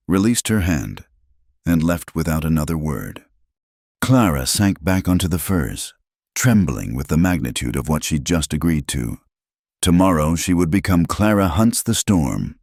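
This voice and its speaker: Very deep gravelly male narrator. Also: a little mellow, no room sound, studio quality. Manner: measured dramatic read-aloud. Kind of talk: scripted storytelling narration.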